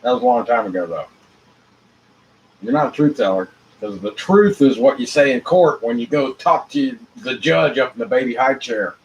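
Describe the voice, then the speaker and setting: A man hosting his own show alone, rambling in a free-associating monologue with rhyming wordplay, dropping to mutters and rising to loud outbursts. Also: mid-range voice, moderate pace, slight background noise, poor audio. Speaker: show host.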